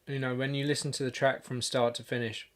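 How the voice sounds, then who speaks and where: A man producing music on a livestream, talking casually and haltingly, thinking aloud with lots of fillers and restarts. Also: medium pitch, flat delivery, a bit bright. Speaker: music producer streaming a session.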